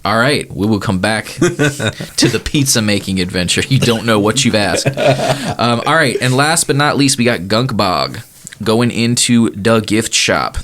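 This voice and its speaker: A man's voice: on the low side, lively intonation, measured pace, fairly bright tone, a little hiss or hum. A man narrating a tabletop game as game master, loose and casual with many fillers.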